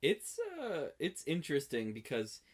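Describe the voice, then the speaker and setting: A man co-hosting a casual podcast, summing up drama scenes in a dry, matter-of-fact way. His pitch sits in an ordinary middle range for a man. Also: lively intonation, unhurried, slightly rough. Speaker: podcast co-host recapping a drama episode. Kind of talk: casual chat.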